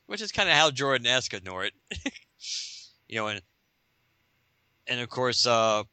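A man's voice: mid-range voice, unhurried, clear, resonant tone, no echo. A man hosting a podcast, casually recapping a comic book with frequent laughs and acted-out lines. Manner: animated, laughing, acting out scenes. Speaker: podcast host.

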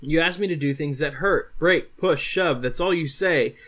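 A man's voice: a little high, moderate pace, fairly bright tone, lightly acted. A young psychic girl, sad and pleading, read aloud by a man. She sounds tired of being made to hurt people.

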